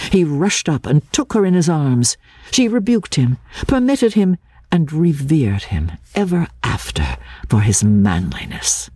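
A woman reading a classic novel aloud as an audiobook, measured and expressive, giving the characters distinct voices. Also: very deep voice, slightly rough, no echo. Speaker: audiobook reader. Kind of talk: literary audiobook narration.

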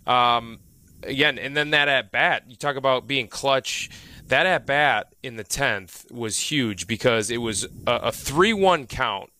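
A man's voice: medium pitch, measured pace. A man, a former player, giving emphatic baseball analysis on sports talk radio. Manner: animated, emphatic, with restarts.

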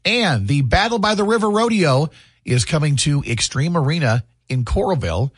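Brief: middle-aged male radio host, husky gravel, dry studio close-mic, lively storyteller. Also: on the high side, normal speed, no echo. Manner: animated storyteller. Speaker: radio morning show host. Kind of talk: morning radio chat. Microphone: studio microphone.

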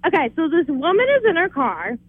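A woman's voice: high voice, big pitch swings, brisk, dry recording. A woman calling into a radio show to tell jokes, giggling through them. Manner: giggly, laughs through her own jokes. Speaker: radio caller. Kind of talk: phone-in joke telling. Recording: tinny phone line.

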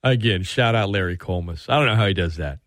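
A man hosting sports talk radio, excitable and animated, often restarting his sentences. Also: low-pitched, fast, heavy background noise.

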